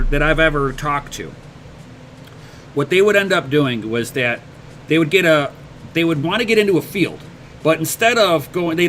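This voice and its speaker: A man hosting a casual livestream, reading viewer comments and answering them with blunt, profane motivational advice. His voice is bright and sits a bit high. He often stumbles over repeated words, and a faint air-conditioning hum runs underneath. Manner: motivational, swears casually, repeats words when starting sentences. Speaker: livestream host.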